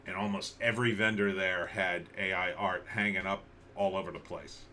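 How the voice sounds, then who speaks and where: A man hosts a casual livestream, commenting on the news with sarcasm and rambling restarts. His low-pitched voice is steady, pushed and bright, at normal speed, with slight background noise.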